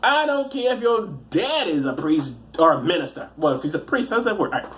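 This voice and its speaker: Lively, rambling man riffing on the news. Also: high voice, slight background noise. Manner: rambling and halting, full of restarts and asides. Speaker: comedian reading the news. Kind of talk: profane comic news commentary.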